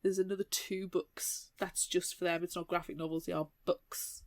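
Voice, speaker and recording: A young British woman co-hosting a casual book podcast, chatty and animated, often slipping into mock voices. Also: fairly low pitch, moderate pace, no echo. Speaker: podcast co-host.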